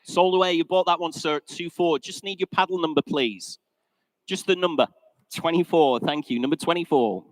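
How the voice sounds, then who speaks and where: A man with an English accent calling a live classic vehicle auction in a sale room, brisk and chatty, joking with the bidders. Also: a little high, low-quality recording.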